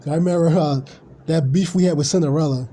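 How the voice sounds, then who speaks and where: A man's voice: fairly high pitch, fast talker, dark tone, slight background noise. A man ranting casually on a live stream, blunt, profane and rambling.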